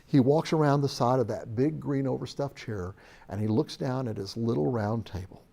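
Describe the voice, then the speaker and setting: A man's voice: mid-range voice, moderate pace, creaky, dark tone. A man giving a recorded sales training lecture, storytelling in an emphatic way.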